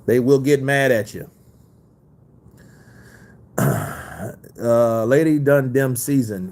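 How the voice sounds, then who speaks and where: A man's voice: medium pitch, sing-song, slow, long pauses, a little mellow. A man hosting a casual boxing livestream, reading viewer comments in a loose, profane way and laughing easily. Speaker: boxing news host.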